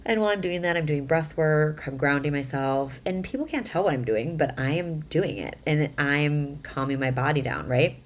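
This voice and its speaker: A woman in her thirties, a mother, talking casually to camera in a chatty, animated way, acting out quotes as she tells stories. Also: sits low, moderate pace, hardly any pauses. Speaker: vlogger.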